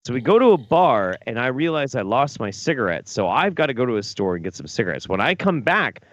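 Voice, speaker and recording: A man's voice: medium pitch, brisk, dry recording. Drunk guy cohost telling a wild story, cursing lots, tone jumps all over, dry dull mic. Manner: profane, animated, acts out drunken quotes. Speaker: co-host. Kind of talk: rowdy storytelling chat.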